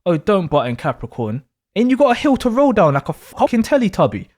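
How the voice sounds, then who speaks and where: Man doing a dreamy young woman, spacey, touchy, quick with insults, pitch leaping up and down. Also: big pitch swings, darkish tone. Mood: defensive. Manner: rambles about mystical trips, then snaps back with insults.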